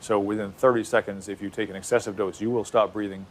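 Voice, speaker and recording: A man's voice: fairly low pitch, level tone, quick pace, slight background noise. A man explaining a medical process in a clinical, explanatory way in a documentary. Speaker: medical expert.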